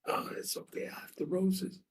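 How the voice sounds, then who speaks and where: A man softly putting on a fragile heartbroken woman. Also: moderate pace, recorded from a distance, natural voice. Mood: pleading. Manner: soft, pleading, near whisper.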